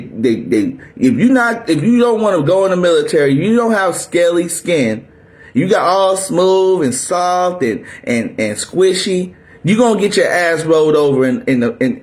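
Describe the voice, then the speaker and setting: A male preacher delivering a fiery sermon at the top of his voice. His delivery is aggressive and confrontational, like a drill sergeant barking orders at recruits. The voice sits a little higher than usual for a man. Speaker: preacher teaching scripture.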